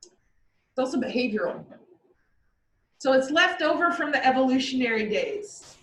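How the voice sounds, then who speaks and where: A woman chatting casually and explaining animal behavior, acting out the animals' thoughts in lively asides. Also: sits high, moderate pace. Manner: lively, acts out animals' inner voices. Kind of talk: casual chat. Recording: roomy echo, far from the mic, faint background noise.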